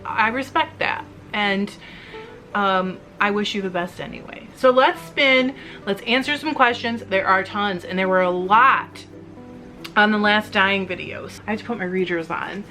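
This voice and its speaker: A woman's voice: mid-range voice, bright, forceful tone. Candid chatty woman with faint music. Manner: candid, rambling, emotional, quick asides. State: teary. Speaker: fiber arts YouTuber. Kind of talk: casual chat to viewers while spinning.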